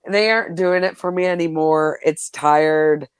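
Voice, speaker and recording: A woman's voice: deep voice, measured pace, clear, resonant tone, dry recording, studio quality. A woman on a panel chatting casually about reality TV, full of "like" fillers and laughing asides. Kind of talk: casual pop culture chat.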